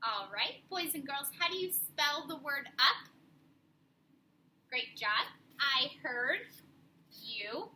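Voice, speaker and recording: Young woman, classroom teacher, unhurried and encouraging, faint room hum behind her. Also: high-pitched, lively intonation, bright, forceful tone, rough recording. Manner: slow, clear and encouraging, spelling out letters. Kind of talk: spelling lesson for young children.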